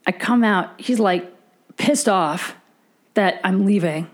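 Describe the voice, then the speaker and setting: A woman's voice: mid-range voice, slow pace. A young adult woman hosting a podcast, telling a dramatic story in casual, profane chat. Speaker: podcast host.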